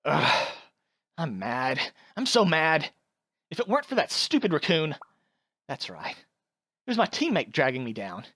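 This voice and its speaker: A woman's voice: low-pitched, very animated, a little slow, pauses often, fairly bright tone, dry recording, studio quality, exaggerated voice. A woman voicing a bratty, hot-headed young girl who whines and swears, over background music. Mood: angry. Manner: whiny, brash, swearing.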